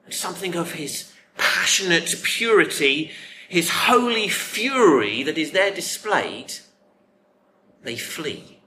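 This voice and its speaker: A man preaching a sermon, emphatic, with dramatic pauses and repeated words. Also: a little high, bright, forceful tone, slight background noise.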